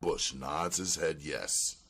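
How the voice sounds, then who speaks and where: A man narrating the stage directions of a screenplay in a slow, measured, flat delivery. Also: very deep voice.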